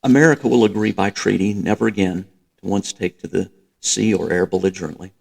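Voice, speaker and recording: A man voicing a grandiose middle-aged dictator, speaking in a slow, emphatic rant. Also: sits low, steady tone, creaky, darkish tone, breathy edge, exaggerated voice.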